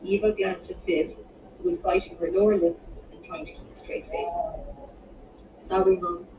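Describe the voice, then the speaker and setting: A woman reading her own romance novel aloud in a measured, unhurried way, with the odd small restart. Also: medium pitch, wildly swooping pitch, warm tone. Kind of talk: audiobook narration. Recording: roomy, distant, muffled home recording with background noise.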